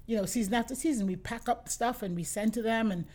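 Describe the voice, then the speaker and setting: Lively middle-aged woman telling stories. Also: on the high side, fast. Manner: lively anecdotes, acts out customers' lines. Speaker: boutique owner, interview guest. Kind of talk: casual interview storytelling.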